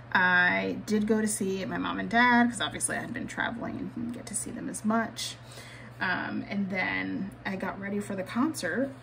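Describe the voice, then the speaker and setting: A woman's voice: medium pitch, creaky, slight background noise, poor audio. A woman vlogger chatting candidly while she decorates her planner, swearing casually and laughing often.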